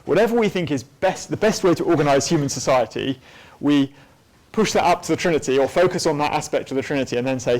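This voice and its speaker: Man teaching theology, slightly high voice. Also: lively intonation, fast talker, darkish tone. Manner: thoughtful, with many ums and restarts. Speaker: church teacher. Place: church hall at a weekend away.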